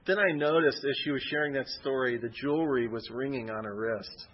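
A man with a somewhat husky voice gives a casual, rambling Bible teaching full of personal asides. The recording sounds dull and lo-fi. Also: medium pitch, a little fast. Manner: conversational, rambling with anecdotes.

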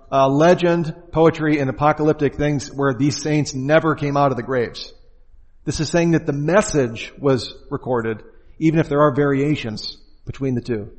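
Man lecturing in a reverberant hall. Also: a little high. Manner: conversational, asks the listeners rhetorical questions. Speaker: Bible teacher. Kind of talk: informal lecture.

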